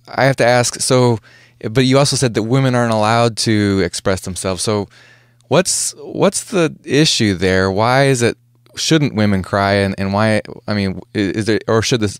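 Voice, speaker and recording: A man's voice: lowish voice, smooth, no room sound, clean studio sound. A man hosting an interview, asking thoughtful questions and searching for words. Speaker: podcast host, interviewer.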